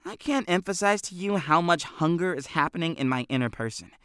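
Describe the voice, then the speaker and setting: A man's voice: a little high, expressive, brisk, a bit bright, clear, resonant tone, no echo, studio quality, pitched above the performer's own voice. A man doing a joking, theatrical teen boy. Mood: playful. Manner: playful, mock-formal. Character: joking, theatrical young teen best friend.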